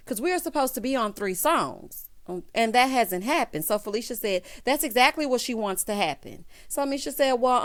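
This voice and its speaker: A sassy woman hosts a solo recap of reality TV, full of "honey" and "child". Her voice sits a little high. She acts out the quotes in a mocking voice. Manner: sassy, animated, says "honey" and "child" often. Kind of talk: casual recap commentary.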